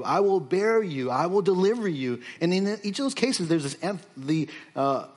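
A man preaching an expository sermon at a middle pitch. He reads scripture passages aloud, then explains them in loose, unscripted speech full of fillers and restarts.

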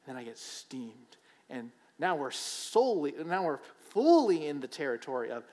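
A man's voice: a little high, sing-song, normal speed, darkish tone. A man preacher giving a sermon in a conversational, emphatic way, often checking in with "right?". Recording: long hall reverb.

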